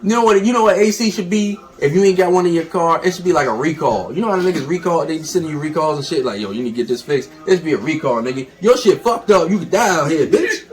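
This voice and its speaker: A man's voice: a little high, animated, quick pace, hardly any pauses, soft background music. A man co-hosting a podcast, telling a movie plot in loose, slangy, emphatic talk. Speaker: podcast co-host. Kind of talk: casual profane chat, retelling a movie.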